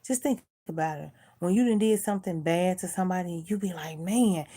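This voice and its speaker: A woman's voice: on the low side, brisk, mellow. A middle-aged woman vlogger in casual chat, earnestly preaching life advice and repeating herself.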